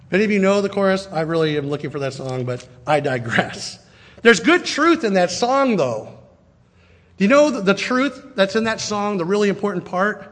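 Animated preacher man in a reverberant hall. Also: high-pitched, normal speed. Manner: conversational, animated, acts out quotes. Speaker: pastor. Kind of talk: sermon.

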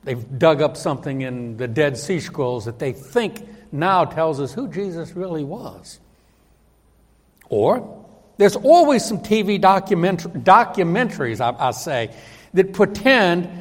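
Lively, emphatic male preacher in a hall. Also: a little high, moderate pace. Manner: emphatic preaching that acts out quoted voices. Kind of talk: sermon.

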